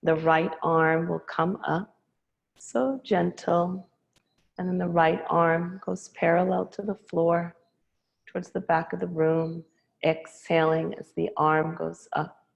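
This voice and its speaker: A woman teaching a yoga class, giving slow, calm, soothing cues to her students. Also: lowish voice, creaky, dull audio. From Hawaii. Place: yoga studio.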